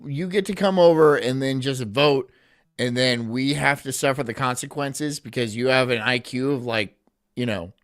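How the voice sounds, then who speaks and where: A man's voice: mid-range voice, a bit bright. A man rambling sardonically while streaming live commentary, laughing at his own jokes.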